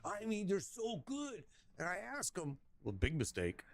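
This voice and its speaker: Animated rambling man telling a story. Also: high-pitched, a little slow. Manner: animated, rambling, swears casually. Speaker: gaming streamer telling a story. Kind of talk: casual storytelling while gaming.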